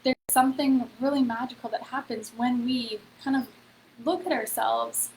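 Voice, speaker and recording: A woman's voice: sits high, fairly even intonation, moderate pace, a little mellow, slight background noise, low-quality recording. A woman hosting a casual live-stream motivational talk, chatty, with lots of "like" and "okay?" and talking straight to her viewers. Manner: chatty, heavy on "like" and "okay?", addresses viewers directly. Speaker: host of a free online event.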